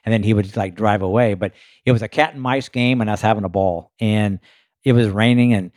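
A man who drives race cars, casually telling a lively story in his own voice and filling it with "you know" and "uh". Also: fairly low pitch, a little fast, no room sound, clean studio sound. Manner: animated anecdote-telling with frequent fillers. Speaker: race car driver guest.

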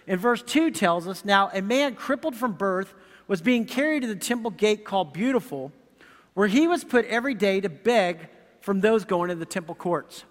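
A man's voice: high voice, animated, normal speed, in a large hall. A man preaching a sermon as pastor, conversational, with frequent asides to the congregation. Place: church sanctuary.

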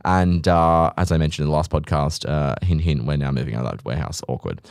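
A man's voice: fast talker, smooth, dry recording, clean studio sound. Podcasthost, Australische man, lage stem, sarcastisch tierend en vloekend, droge opname. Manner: sarcastic, ranting, swears freely; animated, mimics others in high voices. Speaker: podcast host, business owner. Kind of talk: casual podcast monologue.

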